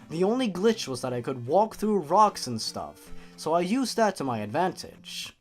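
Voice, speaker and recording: A man narrating a horror story for laughs, reading deadpan and breaking off into sarcastic asides. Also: sits high. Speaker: YouTube narrator.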